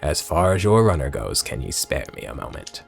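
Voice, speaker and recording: A man voicing a young male bird keeper in a gruff old pirate-like voice, worried and pleading as he reads game dialogue aloud. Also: rumbling low, big pitch swings, a little fast, soft background music, voice pushed down, full character voice.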